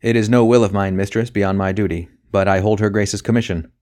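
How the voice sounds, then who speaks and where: A man's voice: fairly low pitch, quick pace, lightly acted. A man reading a story, voicing an impatient, blustering male magistrate who bellows commands. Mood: stiffly polite.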